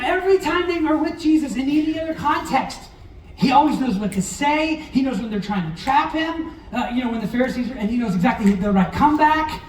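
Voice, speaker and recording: High-voiced preacher in an echoey hall. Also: male voice, a little hiss or hum. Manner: conversational preaching with acted-out quotes. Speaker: pastor. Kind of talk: sermon. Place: church hall. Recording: roomy echo, heard from a distance.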